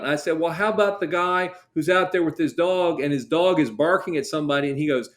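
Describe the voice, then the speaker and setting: A man's voice: fairly high pitch, fast talker, hardly any pauses. A middle-aged man, a guest dog trainer, explaining in casual interview chat and acting out client dialogue as he tells stories. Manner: storytelling, acts out client dialogue.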